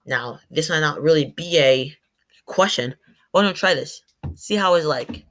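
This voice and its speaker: Teenage boy, student presentation, bright tone, rambling, informal. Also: a little high, normal speed. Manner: rambling, informal, restarts often. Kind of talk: school presentation.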